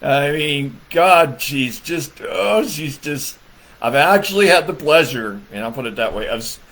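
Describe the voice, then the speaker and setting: A man's voice: fairly high pitch, lively intonation, measured pace, a bit bright. A man, a political comedian, rambling through a crude comedic rant, laughing often and leaning on fillers. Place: Michigan.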